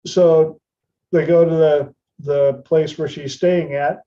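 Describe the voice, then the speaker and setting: A man's voice: a little high, steady tone, takes it slowly, warm tone, highs cut off. A man hosting a podcast, telling a story in a casual, chatty way and putting on playful voices for the people in it. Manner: retells anecdotes, slipping into playful voices for the people in them. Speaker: podcast host.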